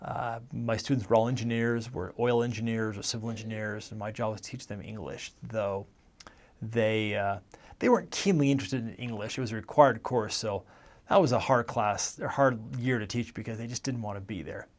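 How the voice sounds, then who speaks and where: His voice sits fairly low and moves at a moderate pace. An American ex-missionary in his forties, he wanders through his life story in easy conversation, frequently stopping to fix what he's said.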